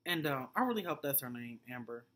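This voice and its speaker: A woman's voice: a bass voice, lively intonation, fast talker, fairly bright tone. A woman vlogger giving a blunt, profane, rambling recap of a TV episode. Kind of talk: casual TV recap commentary.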